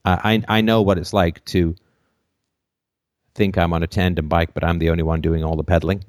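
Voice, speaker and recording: A call-in host with a low man's voice talks through a caller's problem at length. He slips into joking bits and acted-out lines as he goes. The sound is dry and close. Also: brisk, no room sound. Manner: animated, acts out silly voices and jokes. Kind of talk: call-in show advice talk.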